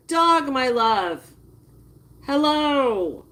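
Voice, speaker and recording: Woman, live-stream chat, unhurried delivery, disgusted reactions, talks to viewers. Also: a little high, very animated, over loud music. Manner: disgusted, drawn-out reactions while chatting to viewers. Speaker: livestreamer. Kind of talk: casual live-stream commentary.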